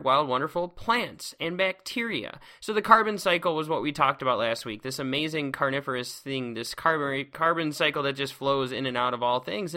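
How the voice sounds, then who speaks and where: Pushed and bright, his voice leans high. He's a man hosting a casual science lecture podcast from a seat at a close mic, playful and exuberant, heaping on words such as "awesome."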